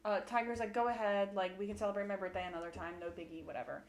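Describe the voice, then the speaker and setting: A woman's voice: mid-range voice, fairly even intonation, fast. A woman co-hosting a casual show recap, swearing a lot and retelling scenes in playful mock voices. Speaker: podcast co-host. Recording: echoey room with faint ambient noise.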